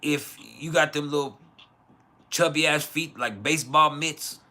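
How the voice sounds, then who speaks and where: A man's voice: a little high, steady tone, measured pace, pushed and bright. A man from West Texas, hosting a casual livestream and giving blunt, profane opinions while answering chat. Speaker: livestream host.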